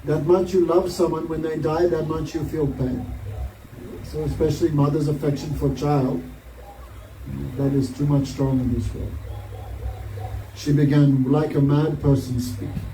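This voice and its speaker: A man with a high, mellow voice tells a devotional story in a class and keeps asking his listeners questions. He is picked up from a distance in a roomy space with faint noise behind him. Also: level tone, measured pace, pauses often. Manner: storytelling with frequent rhetorical questions. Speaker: spiritual teacher.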